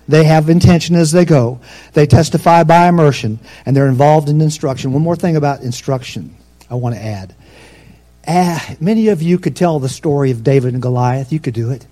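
Dynamic preaching man, swinging loud and soft. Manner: dynamic preaching, swinging between loud emphatic peaks and soft low asides. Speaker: pastor. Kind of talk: sermon.

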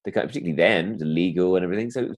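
A male comedian with a low voice talks rapid-fire in a casual conversation. He rambles, using lots of fillers and restarting his sentences.

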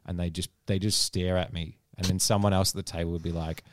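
Aussie guy on a podcast, low voice that moves around a lot, dead dry sound. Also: level tone, fast talker, dry recording. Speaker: podcast co-host. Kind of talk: casual chat.

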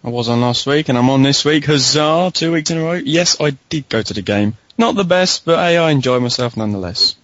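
A man's voice: medium pitch, brisk, few pauses, fairly bright tone, no echo. A man on a football fan podcast panel, cheeky and laughing along. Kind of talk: casual banter. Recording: dull lo-fi home recording.

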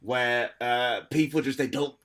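Chatty Black Country man, bright voice. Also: mid-range voice, fairly even intonation, unhurried. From Black Country, England. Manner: rambling, laughs often, many restarts. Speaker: stand-up comedian guest. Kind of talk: casual podcast chat.

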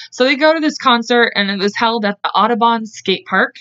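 A young woman's voice, a little high, a bit bright, clear and resonant, moves fairly quickly over dull audio. As a podcast co-host she tells a true-crime story casually and chattily, voicing the quotes and laughing often.

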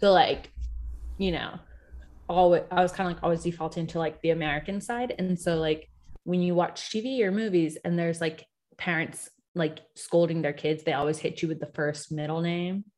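Woman, podcast co-host, casual chat, fairly low voice, swears and laughs a lot, mimics quoted voices. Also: steady tone, moderate pace, a little mellow.

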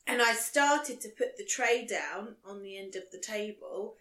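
A woman's voice: mid-range voice, unhurried, bright, forceful tone. A young woman co-hosting a podcast, chatting casually and swearing now and then. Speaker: podcast co-host. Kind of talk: casual chat. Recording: echoey room.

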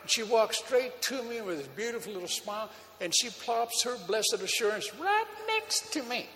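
High, bright-voiced preacher in a ringing hall. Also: male voice, fairly quick, slight background noise. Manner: animated storytelling with frequent laughter and fillers. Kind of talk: sermon with personal testimony. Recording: long hall reverb, faint background ambience.

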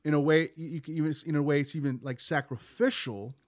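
Sniffly man explaining haltingly, dry mic. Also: a little high, steady tone, no echo. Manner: halting, many restarts while explaining. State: sniffly from a cold. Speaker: podcast co-host. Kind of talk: casual faith podcast chat.

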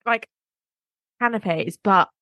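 A woman's voice: medium pitch, slow pace, pushed and bright, no room sound. A woman co-hosting a podcast in casual, rambling chat, poking fun at herself. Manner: chatty, self-mocking, rambling asides. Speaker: podcast co-host.

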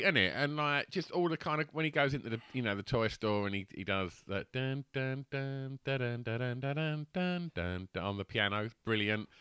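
A man's voice: mid-range voice, lively intonation, normal speed, pushed and bright, clean tone, no echo, clean studio sound. A man, co-hosting a podcast and rambling enthusiastically about films, swearing freely. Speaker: podcast co-host. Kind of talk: casual banter about films.

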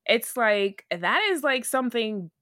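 Woman co-host, animated, lively pitch, acts out quotes. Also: measured pace, a crowd in the background. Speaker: podcast co-host. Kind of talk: casual chat.

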